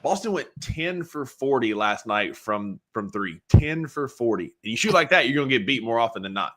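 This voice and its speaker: A male co-host with a bright, forceful tone trades wisecracks and then drives home his points about the game. His pitch sits mid-range for a man. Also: lively intonation, moderate pace. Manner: wisecracking, then emphatic analysis. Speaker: podcast co-host. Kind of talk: casual sports podcast chat.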